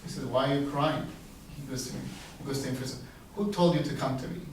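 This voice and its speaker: A rabbi giving a storytelling sermon, a man who acts out the quoted dialogue with big leaps in pitch. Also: fairly even intonation, fast, a little mellow, slight background noise. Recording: echoey room, voice heard from a distance.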